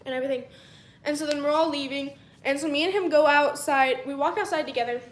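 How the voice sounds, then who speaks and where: A woman's voice: high-pitched, quick pace, roomy sound. A young woman telling a long story in a casual vlog, chatty and rambling, acting out what people said and sometimes dropping to a whisper. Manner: chatty and rambling, acts out quotes, drops to a whisper at times. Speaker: vlogger.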